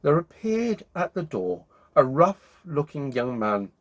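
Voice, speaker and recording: A man hosting his own show, reading a children's bedtime story aloud in an expressive, animated way. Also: on the high side, slow pace. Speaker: storyteller host.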